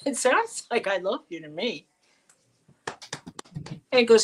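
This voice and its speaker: A middle-aged woman co-hosting a casual live chat, animated and coaxing her pet in a high baby-talk voice. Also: measured pace, pauses often. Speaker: co-host of a live chat show.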